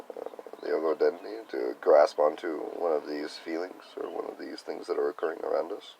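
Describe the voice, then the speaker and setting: Tired, stuffy young man, deep and croaky, musing hesitantly to camera over faint hiss. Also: low-quality recording. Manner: soft-spoken, wandering, hesitant. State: congested and tired. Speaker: vlogger sharing spiritual reflections. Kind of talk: rambling personal video diary.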